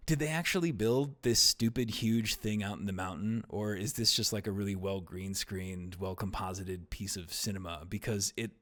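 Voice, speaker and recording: Male film podcast host, low voice, wry and rambling, drops off into mumbles. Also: fairly even intonation, normal speed, hardly any pauses, a bit bright. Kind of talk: casual film discussion podcast.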